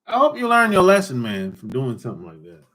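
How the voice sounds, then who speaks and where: Hosting a casual livestream, a man teases callers in loose slang and laughs often. His medium-pitched voice is a little fast and sharp, with huge swings in pitch.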